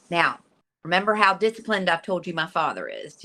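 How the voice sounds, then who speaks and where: A middle-aged woman from Virginia speaks as an interview guest, earnest and animated, often restarting her sentences. Her voice sits low but sounds forceful and bright. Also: a little fast, rough recording. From Virginia, USA. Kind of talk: personal storytelling in an interview.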